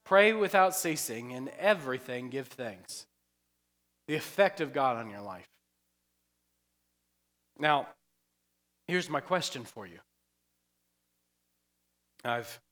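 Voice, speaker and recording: A male pastor delivers a loose, conversational sermon, slipping into humorous asides and laughing along with his congregation. His voice is bright and forceful. It rings with the long reverb of a church sanctuary. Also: mid-range voice. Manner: chatty, joking asides, laughs often.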